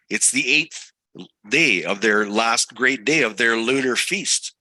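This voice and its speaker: A man leads a scripture study at a slow, deliberate pace. His voice is very bright and sharp, and the recording is dry and close. He keeps putting rhetorical questions to his listeners. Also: mid-range voice, husky, dry recording, poor audio. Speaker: Bible study teacher.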